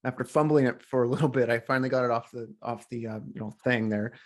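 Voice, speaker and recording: A middle-aged man, a coach, telling a story as a podcast guest in a lively, animated way. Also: medium pitch, fast talker. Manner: animated storyteller, acts out quoted voices. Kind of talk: casual storytelling interview.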